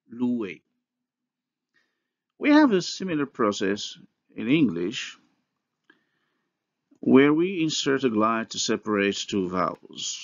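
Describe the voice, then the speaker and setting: Slow gravelly male phonology lecturer. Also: fairly low pitch. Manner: slow, methodical explaining with pauses and restarts. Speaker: university linguistics lecturer. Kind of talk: recorded university lecture. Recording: dull lo-fi lecture recording.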